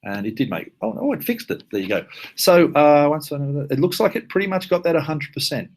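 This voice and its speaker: A man with an Australian accent presenting a live online software workshop, talking casually with plenty of fillers and asides. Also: fairly high pitch, very animated, fairly quick. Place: at his computer, live webinar.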